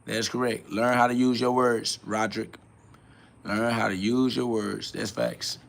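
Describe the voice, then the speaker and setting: A man's voice: medium pitch, level tone, unhurried, creaky. A man hosting a live stream, answering chat questions in a preachy, blunt way, with casual slang and quoted Bible verses. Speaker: livestream host.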